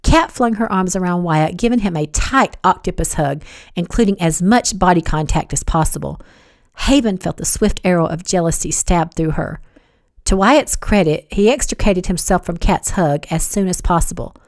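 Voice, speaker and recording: A woman reading her novel aloud as audiobook narration, evenly and measured. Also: on the low side, dry recording, clean studio sound.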